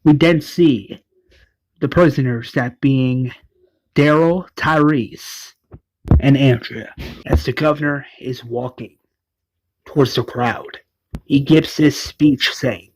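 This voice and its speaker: Guy slowly recapping a show, middle pitch, keeps going "he's like", dry close sound. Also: darkish tone, no echo, poor audio. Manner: retells scenes with "is like" quotes and frequent restarts. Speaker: episode recapper. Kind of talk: casual plot recap.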